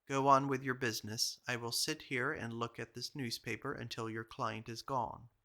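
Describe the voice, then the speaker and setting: A man's voice: mid-range voice, fairly even intonation, normal speed, bright, forceful tone. A man reading aloud and voicing a jovial old classmate who playfully teases a friend. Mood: teasing. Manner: boisterous, playfully evasive.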